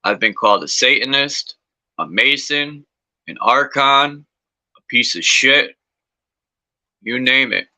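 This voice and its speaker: A man's voice: mid-range voice, animated, slow pace, pauses often, bright, forceful tone. A man chatting casually, full of joking, irreverent banter. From United States. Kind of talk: casual chat.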